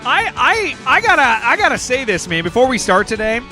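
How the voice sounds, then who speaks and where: A man streaming games and chatting casually with viewers, excitable and rambling, saying "man" and "dude" all the time. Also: very high voice, a little fast, soft background music. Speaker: game streamer. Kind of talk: casual livestream chat with viewers.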